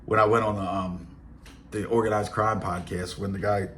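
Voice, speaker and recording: Blunt Baltimore man, low streetwise voice. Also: little pitch movement, normal speed, a bit bright, slight background noise. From Baltimore, Maryland. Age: 40s. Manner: blunt, streetwise, rambling with fillers and asides. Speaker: podcast host. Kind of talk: casual storytelling monologue.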